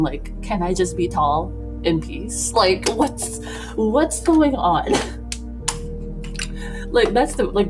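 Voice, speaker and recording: A young woman vlogging casually while getting ready, rambling with lots of fillers and little laughs. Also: lowish voice. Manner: rambling, filler-heavy, many "like"s; laughs between thoughts. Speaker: beauty vlogger. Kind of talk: casual get-ready-with-me chat. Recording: music playing clearly behind voice.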